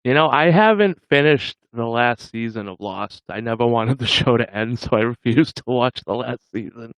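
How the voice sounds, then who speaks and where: A man's voice: medium pitch, moderate pace, a bit bright, no room sound. A man hosting a livestream, chatting casually with viewers in a rambling way and chuckling often. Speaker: livestream host.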